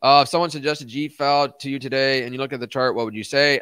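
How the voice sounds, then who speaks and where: A man's voice: medium pitch, fairly even intonation, quick pace, bright, forceful tone, clear, resonant tone, no echo, clean studio sound. A young man hosting a casual crypto livestream, chatting with viewers as man and dude, swearing and flaring into rants. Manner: swears, flares into ranting outbursts; laid-back, calls viewers man and dude.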